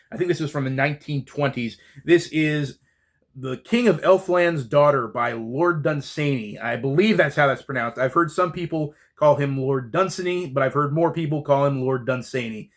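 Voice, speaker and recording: A man's voice: fairly high pitch, a bit bright. A man hosting a casual book haul vlog, talking enthusiastically and chattily about his finds. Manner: enthusiastic, chatty, with fillers and restarts. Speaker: book channel host.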